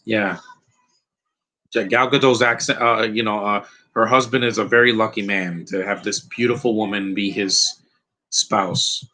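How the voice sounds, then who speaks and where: Rambling opinionated man, bright voice. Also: lowish voice, fairly even intonation, a little slow, rough recording. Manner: rambling, opinionated, with frequent restarts. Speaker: film commentator. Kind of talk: casual live movie commentary.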